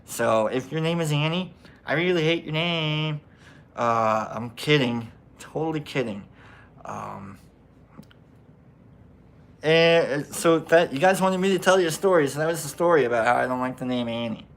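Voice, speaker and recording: A man's voice: on the high side, lively intonation, normal speed, creaky, long pauses. A man with a Nebraska accent chatting casually on a livestream, joking about himself and often trailing off into a mumble. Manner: joking, self-deprecating, often drops to a mumble. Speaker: host of a mushroom-growing livestream. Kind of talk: rambling casual livestream chat.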